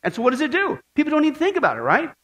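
A man delivers a sermon in a high-pitched voice. He is animated, and he swings between loud exclaiming and hushed, prayerful tones. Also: rapid-fire. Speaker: pastor.

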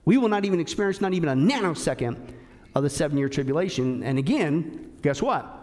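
High-voiced emphatic male preacher. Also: lively intonation, quick pace. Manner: emphatic, rhetorical questions, swings between loud and hushed. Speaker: pastor. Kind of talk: sermon.

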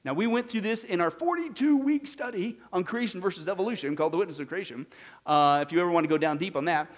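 High-voiced emphatic male preacher. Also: fast. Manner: emphatic, asks the audience questions. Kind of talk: sermon-style Bible teaching.

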